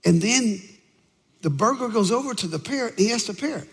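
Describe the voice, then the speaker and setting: A man's voice: high voice, quick pace, slightly rough, long reverb tail. A man preaching a sermon as pastor, telling stories and acting out the voices in them. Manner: animated storytelling, acts out voices in quotes. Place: church sanctuary with audience.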